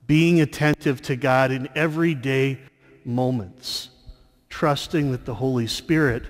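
Slow-speaking priest in a reverberant church. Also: male voice, medium pitch. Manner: slow storytelling homily with fillers and restarts. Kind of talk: sermon. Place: large church.

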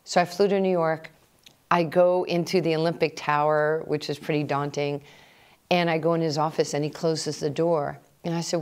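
A middle-aged woman telling personal stories in an animated way, acting out remembered conversations. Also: sits low, moderate pace. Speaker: interviewee. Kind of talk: personal storytelling.

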